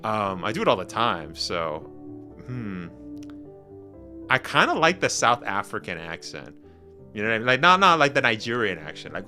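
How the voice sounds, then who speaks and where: A man from Canada chatting casually with his viewers on a game stream, animated and slangy, laughing often. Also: mid-range voice, moderate pace, pauses often, soft background music. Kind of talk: casual live-stream chat.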